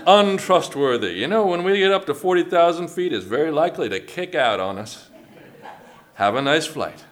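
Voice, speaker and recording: Pastor doing a drawling Southern airline captain. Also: male voice, fairly high pitch, expressive, moderate pace, lightly acted. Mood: breezy. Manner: drawling, casually cheerful.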